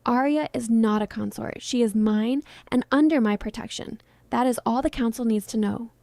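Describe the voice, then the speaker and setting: A woman voicing a powerful, protective male vampire king who speaks sternly and with quiet threat. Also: a little high, moderate pace, gravelly, no room sound. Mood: menacing.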